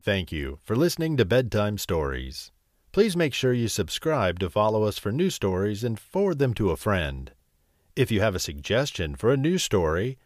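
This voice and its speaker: A man narrating a bedtime story slowly and expressively. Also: fairly low pitch, dry recording, clean studio sound. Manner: slow and expressive.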